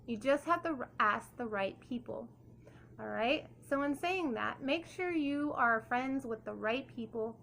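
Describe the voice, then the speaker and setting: A woman's voice: on the high side, animated, unhurried, gravelly, fairly bright tone, a little hiss or hum. A woman reading a children's story aloud, then giving an encouraging message and often checking in with "okay?".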